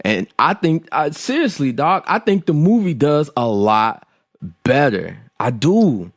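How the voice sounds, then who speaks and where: A man in his thirties trades opinions on a casual podcast. He is blunt, repeats his points, and his pitch swings a lot. The sound is dry and close. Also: sing-song, measured pace, no echo. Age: 30s. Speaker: podcast co-host. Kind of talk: casual chat.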